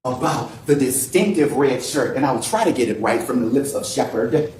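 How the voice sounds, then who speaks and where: Loud emotional attorney in echoey courtroom. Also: male voice, medium pitch, lively intonation, moderate pace, slight background noise. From New Orleans, USA. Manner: emotional, loud, rhetorical lists. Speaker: defense attorney. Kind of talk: courtroom closing argument. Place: large courtroom. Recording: echoey distant courtroom feed.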